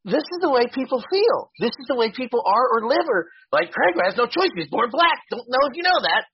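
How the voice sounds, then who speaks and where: A man's voice: very high-pitched, very animated, fairly quick, highs cut off, slight background noise. A man hosting a podcast in a casual, profane, ranting way with laughing asides. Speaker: podcast host.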